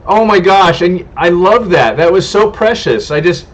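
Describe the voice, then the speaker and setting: A man's voice: high-pitched, expressive, moderate pace. Rambling man hosting a homestead livestream. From California. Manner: rambling and friendly, stumbles over names. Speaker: homestead channel host. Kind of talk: casual livestream chat, reading viewer comments. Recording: dull lo-fi stream audio.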